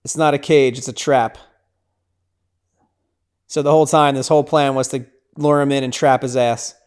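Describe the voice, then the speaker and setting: Male podcast host, mid-range pitch, clear and resonant, casual chatty recap style. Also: little pitch movement, normal speed, a little mellow. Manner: chatty, lots of "like" and "right?". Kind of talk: casual scene-by-scene film recap.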